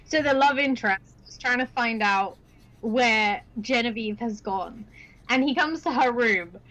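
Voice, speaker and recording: A woman's voice: on the high side, unhurried, fairly bright tone, low-quality recording. A woman casually chatting and recapping a movie with a friend, laughing often and using slangy, blunt words. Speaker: stream host.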